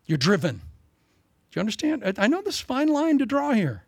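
An older man preaching a sermon in a folksy, humorous way, swinging between loud emphasis and soft asides. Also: very high-pitched, huge pitch swings, normal speed, gravelly, no echo, clean studio sound.

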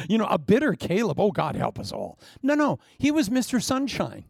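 Man, pastor, sermon, animated, playful quoted voices, gravelly, dry sound. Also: high voice, normal speed, no echo.

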